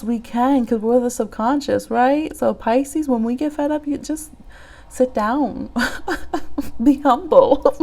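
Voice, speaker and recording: A woman hosting a live-streamed reading, talking casually and animatedly, laughing often and jumping high in pitch as she tells stories. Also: creaky, mellow. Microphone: phone app live stream.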